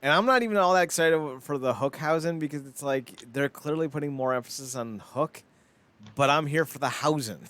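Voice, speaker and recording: A man's voice: on the high side, fairly quick, a bit bright. A man co-hosting a casual podcast chat, rambling and blunt, swearing freely and leaning on "like.". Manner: rambling, blunt and profane, with frequent "like" fillers. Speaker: podcast co-host.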